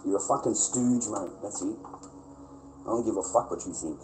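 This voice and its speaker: A man's voice: lowish voice, moderate pace, a little mellow, a little hiss or hum, rough recording. A man ranting on a livestream, blunt, sweary and aggrieved, repeating his points. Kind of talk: casual livestream rant.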